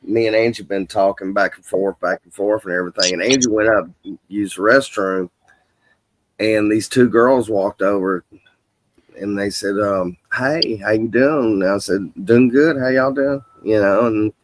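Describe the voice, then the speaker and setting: A man with an Alabama accent telling an animated story in a casual chat. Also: fairly low pitch, moderate pace, slight background noise, poor audio.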